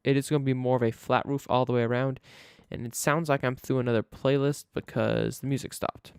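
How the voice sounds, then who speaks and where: A man's voice: mid-range voice, fairly even intonation, brisk, vocal fry, clear, resonant tone, dry recording. A man live-streaming a building game, chatting casually and thinking aloud to himself as he works.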